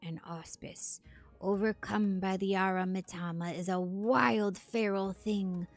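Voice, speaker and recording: A woman reading as a solemn ancient spirit lord from a fantasy game, speaking formally in a slow, drawn-out cadence. The voice has a gravelly, creaky edge, and faint music plays behind it. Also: medium pitch, fairly even intonation, lightly acted. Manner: slow, measured, archaic reading.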